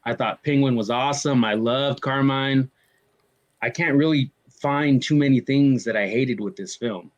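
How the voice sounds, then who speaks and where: A man's voice: medium pitch, moderate pace, lo-fi sound. A man co-hosting a podcast, giving his opinions candidly in casual chat, with some swearing. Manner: candid, profane, easygoing opinions. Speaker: podcast co-host.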